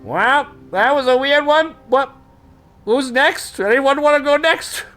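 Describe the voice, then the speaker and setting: Jittery arena announcer, squeaky and very high, loud and hawking, over faint music. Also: male voice, a little slow. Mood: nervous hawking. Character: nervous male arena announcer.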